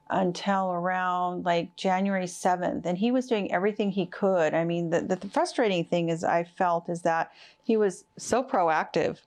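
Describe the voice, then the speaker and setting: A middle-aged woman giving a personal account of her husband's illness, halting with fillers and restarts. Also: on the low side, a little mellow. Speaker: interviewee, wife of a covid patient. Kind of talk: personal testimony.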